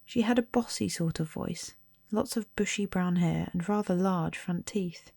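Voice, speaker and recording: A woman reading a storybook aloud in a soft, slow ASMR manner, partly whispered. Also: on the low side, creaky, no room sound, studio quality. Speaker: storybook reader.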